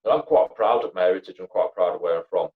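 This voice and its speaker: A man's voice: low voice, fast talker. Sweary young man, muffled. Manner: blunt and sweary, rambling with many fillers. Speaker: podcast guest, comedy actor and writer. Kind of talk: casual chat. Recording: dull lo-fi sound.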